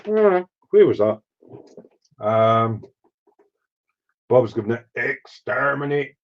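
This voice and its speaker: A man's voice: mid-range voice, dull audio. A middle-aged man from Edinburgh with a Scottish accent, chatting casually and reading out chat on a live stream. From Scotland. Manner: swearing, rambling storyteller reading chat aloud.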